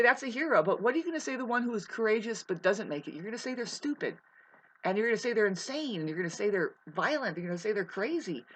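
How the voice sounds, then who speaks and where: A young woman talks to the camera about astrology in a long, wandering monologue. She drifts between low, murmured asides and sudden loud, swearing outbursts, restarting her sentences as she goes. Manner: rambling, swinging from quiet musing to shouting, profane. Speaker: vlogger.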